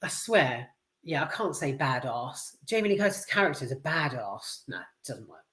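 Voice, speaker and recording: A man's voice: fairly high pitch, very animated, fast, bright, forceful tone. A man with a British accent giving a casual spoken film review, rambling and candid, swearing freely and filling gaps with ums. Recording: roomy echo.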